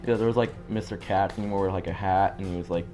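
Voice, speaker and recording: A man's voice: fairly even intonation, quick pace, faint music behind. Rambling teenage boy telling stories. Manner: rambling, filler-heavy, acts out quotes in loud high voices. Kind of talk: casual storytelling chat.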